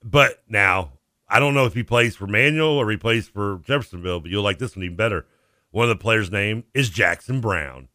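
A man's voice: on the low side, sharp tone, no room sound, clean studio sound. A man co-hosting a sports radio show, joking and teasing his partner in casual banter. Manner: joking, teasing, quick to laugh. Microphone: studio microphone.

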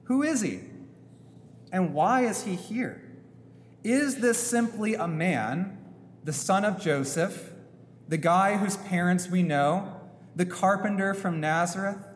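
A man preaching a sermon as a priest in a church, slow and emphatic, posing rhetorical questions. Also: high voice, lively intonation. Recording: long church reverb, faint hum.

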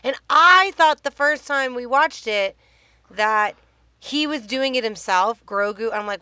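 A woman's voice: fairly high pitch, expressive, a little slow, bright, forceful tone, no room sound. A woman co-host chatting casually on a podcast, with a slightly raised voice and a loose, self-mocking way of talking. She swears offhandedly. The sound is close and dry, with no room around her. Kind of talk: casual chat recapping a TV show.

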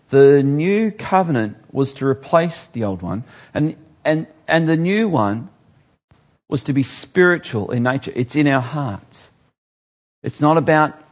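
Male pastor giving a sermon in church, animated delivery with loud rises and drawn-out emphasis. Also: mid-range voice. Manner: animated preaching, with sudden loud rises and slow, stressed words.

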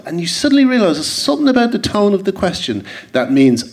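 A man's voice: sits high, lively intonation, normal speed, hardly any pauses. A man chatting as a guest, telling rambling anecdotes and laughing at his own stories. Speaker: guest, comedy writer. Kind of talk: casual chat on a live podcast. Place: theatre stage.

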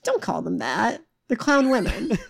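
A woman co-hosting a podcast in casual comedic chat, crude and joking, quick to laugh. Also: fairly high pitch, big pitch swings, gravelly. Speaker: podcast co-host.

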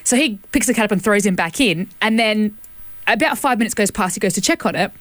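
A woman's voice: mid-range voice, animated, quick pace, a bit bright, no room sound. A woman co-hosting community radio, telling a story in a chatty way and laughing often. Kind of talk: casual storytelling chat. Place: radio studio.

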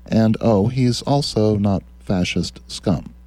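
A man's voice: fairly low pitch, takes it slowly, dark tone, no echo. A man hosting a radio talk show, reading quotes aloud and answering them with sardonic, mocking political commentary. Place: radio studio.

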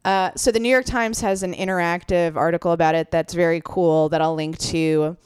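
A woman's voice: lowish voice, steady tone, a little fast, darkish tone, clean tone, no echo. A woman co-hosting a podcast in casual chat, reading out news items and laughing often with her co-host.

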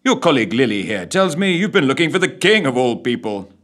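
A man's voice: mid-range voice, sing-song, a little fast, fairly bright tone, voice pushed up. A man voicing a cheerful, jovial seafaring stoker in a radio story reading. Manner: jovial and hearty.

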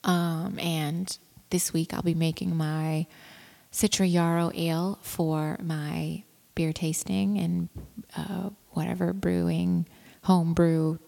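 A woman's voice: on the low side, little pitch movement, slow, vocal fry, mellow, in a large hall. A woman rambling casually about her home brewing, with lots of fillers and restarts. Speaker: home brewer. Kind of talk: casual vlog chat.

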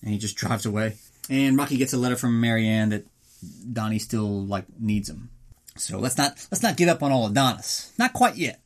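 Male comedy podcast host, sarcastic, profane, casual, average pitch. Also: expressive. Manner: sarcastic, profane, does quick mock voices for characters; reads a mock ad in an upbeat announcer tone. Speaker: podcast host recapping a film.

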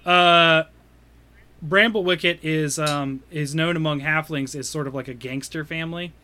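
A man narrating as game master for a tabletop game, relaxed, with many fillers. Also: a little high, moderate pace, noisy background.

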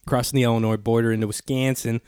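A man's voice: medium pitch, flat delivery, fast talker, darkish tone, smooth, no room sound, studio quality. A man co-hosting a casual podcast, laid-back, laughing often and swearing freely. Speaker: podcast co-host. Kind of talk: casual chat.

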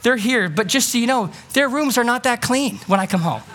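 A man preaching a sermon as pastor, earnest and pleading, moving from quick asides to slow, emphatic lines. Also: extremely high pitch, animated, fairly bright tone. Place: church sanctuary.

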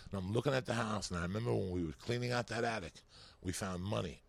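A man's voice: fairly low pitch, fast talker, creaky, no echo. A man telling rambling, profane stories as a comedian guest on a podcast. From New York. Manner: animated, swearing, rambling.

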